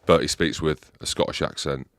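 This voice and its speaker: Very deep-voiced man hosting a podcast. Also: steady tone, normal speed, fairly bright tone, dry recording, clean studio sound. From England. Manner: emphatic, leading questions. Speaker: podcast host. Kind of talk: casual podcast chat.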